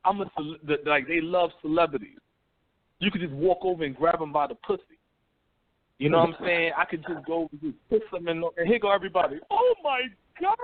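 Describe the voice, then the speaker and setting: A man hosts a call-in radio talk show, ranting in a lively, profane way and slipping into mocking imitations. His voice sits high for a man. The sound is dry and tinny, like a phone line. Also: no echo. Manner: animated, profane, swings between mocking voices.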